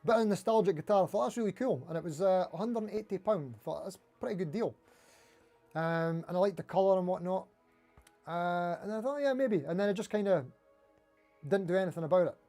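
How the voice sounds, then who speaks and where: A middle-aged man from Dundee talks quickly in a broad Scottish accent, answering viewers on a casual guitar livestream. His voice sits high yet sounds warm and soft-edged. Faint music plays behind him. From Scotland. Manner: fast-talking, chatty, reading out viewer comments. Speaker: livestream host.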